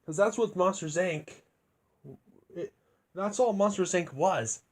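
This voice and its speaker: A young man with a somewhat high-pitched voice rambles through a casual story recap. He keeps his voice hushed so he won't wake anyone. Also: slow. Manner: rambling, hushed to keep from waking others. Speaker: reviewer.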